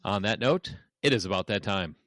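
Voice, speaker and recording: A man hosting a casual podcast chat, relaxed and jokey as he runs the segments. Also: on the low side, brisk, no room sound. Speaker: podcast host.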